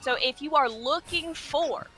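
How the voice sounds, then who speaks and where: Woman, Southern US accent, high pitch, bright sharp tone, combative, condescending debater. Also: measured pace, soft background music. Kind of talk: heated online debate.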